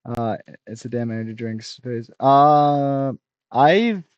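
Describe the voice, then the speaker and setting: A young man in his twenties rambles through a casual reaction stream, blunt and critical, often restarting sentences. His voice sits in a middle pitch. It is recorded dry and close, with no room sound. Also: takes it slowly, darkish tone, dry recording, lo-fi sound. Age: 20s. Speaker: streamer reacting to a review video.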